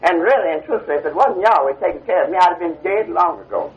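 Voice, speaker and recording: An older man whose voice sits high talks fast while preaching to a class. He uses call-and-response, repeatedly asking "you see?" to make sure listeners follow, on a dull old 1970 lecture tape.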